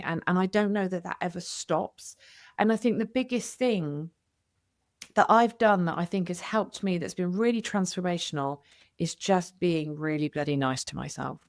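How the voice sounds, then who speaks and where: A middle-aged woman speaking as a podcast guest, earnest and reflective, often restarting her sentences. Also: on the low side. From United Kingdom. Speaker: podcast guest, widow coach. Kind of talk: candid podcast conversation.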